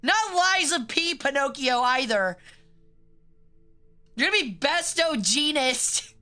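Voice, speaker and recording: Young woman, casual stream chat, joking and swearing, a bit high-pitched, sharp and bright. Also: animated, slow, soft background music. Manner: rambling, joking, swears freely.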